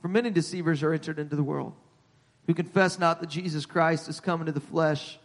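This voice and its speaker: High-voiced preaching man in a hall. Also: steady tone, fairly quick. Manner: repeats words while building, rises in pitch and volume at high points. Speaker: pastor. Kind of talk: sermon. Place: church sanctuary. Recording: long hall reverb.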